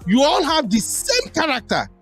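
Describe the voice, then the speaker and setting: A man with a Nigerian accent hosting a live chat show, animated and teasing, mixing Pidgin into English. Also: extremely high pitch, moderate pace, creaky, faint music behind. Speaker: host.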